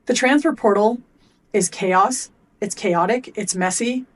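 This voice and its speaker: On a podcast, a middle-aged woman who works as a performance coach animatedly recounts conversations with athletes, voicing each side herself. She's blunt and swears casually, speaking a little slowly in a mid-range voice.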